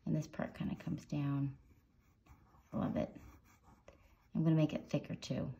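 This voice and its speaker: Here a woman hosts a casual drawing tutorial, chatting and encouraging while making playful little sound effects as she sketches. Her low, gravelly voice stays level and dark at a moderate pace, captured with lo-fi sound.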